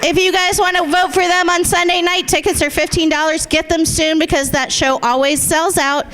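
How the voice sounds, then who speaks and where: A woman hosting a comedy competition, announcing the winners on stage in an upbeat way and shouting to the crowd. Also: very high-pitched, fairly even intonation, moderate pace. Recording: loud crowd and noisy club.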